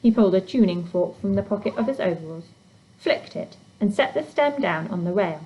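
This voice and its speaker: A woman's voice: medium pitch, animated, normal speed, darkish tone, dull audio. Woman reading a storybook aloud. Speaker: reader.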